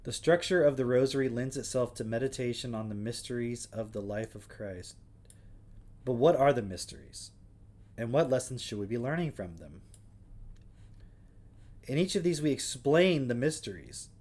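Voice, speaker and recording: A man's voice: mid-range voice, expressive, moderate pace, long pauses, a little mellow. A man with an ordinary mid-range voice hosts a casual livestream. He reads passages aloud, then interrupts himself with dry, sarcastic questions and offhand comments. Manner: wry, sarcastic asides between read passages. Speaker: livestream host.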